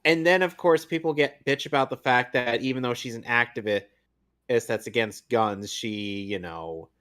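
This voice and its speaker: A blunt man in casual movie-review chat. His voice sits at a middling pitch, and he swears freely while talking things over. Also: moderate pace, a bit bright. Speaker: podcast co-host.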